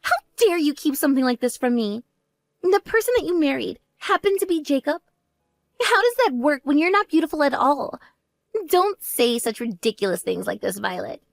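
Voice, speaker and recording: A woman voicing a spoiled, vain young woman who talks in a mocking, shrill and demanding way. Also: sing-song, moderate pace, gravelly, no room sound, heavily acted. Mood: indignant.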